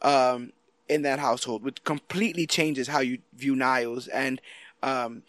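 A man's voice: medium pitch, fairly even intonation, measured pace, a bit bright, no echo. A man in casual podcast chat, recapping TV scenes with animation and acting out the characters' lines. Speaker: podcast co-host.

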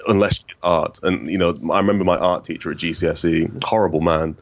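A man with a rich, smooth voice and a faint northern English accent, chatting casually as a guest with lots of restarts and self-deprecating asides. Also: deep voice, steady tone, fast talker, dull audio. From northern England. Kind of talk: casual conversation.

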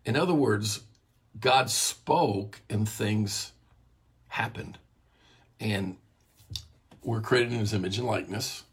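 Very husky man teaching scripture. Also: fairly low pitch, takes it slowly, long pauses. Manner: earnest, repeats phrases and restarts. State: morning voice, coughing. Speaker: Bible teacher. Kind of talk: sermon-style Bible teaching talk.

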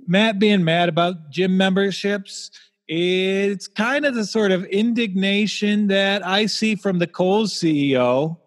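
A man's voice: high-pitched, slow pace, long reverb tail. A man hosting a casual comedic podcast, making dry, wry jokes while reading out market figures. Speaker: podcast host.

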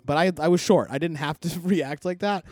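A middle-aged man chatting as a podcast co-host, telling a long, rambling story full of swearing and loud quoted outbursts. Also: fairly high pitch, a little fast, dry recording. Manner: rambling, profane, animated when quoting others. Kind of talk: casual chat, storytelling.

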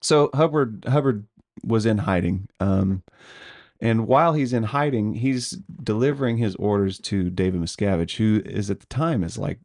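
A man's voice: on the low side, normal speed, a little mellow. A man co-hosting a podcast, chatting casually with a hedging, laughing manner and frequent ums. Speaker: podcast co-host. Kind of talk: casual conversational podcast chat.

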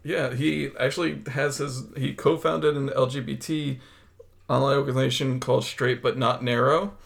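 Guy with a gravelly creaky voice on a podcast, dry jokey comments about a movie. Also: medium pitch, fairly even intonation, normal speed. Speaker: podcast co-host. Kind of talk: casual film review chat.

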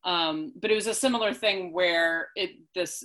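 Young woman from upstate New York, chatty co-host, lower register. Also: normal speed. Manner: chatty, animated storytelling with laughs. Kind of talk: casual chat.

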